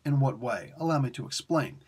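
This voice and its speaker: Male host, solo review monologue, husky tone, gushing and giggly, loose rambling delivery. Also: medium pitch, expressive, brisk, darkish tone. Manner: enthusiastic, laughs often, rambling with fillers. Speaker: comic book reviewer, host.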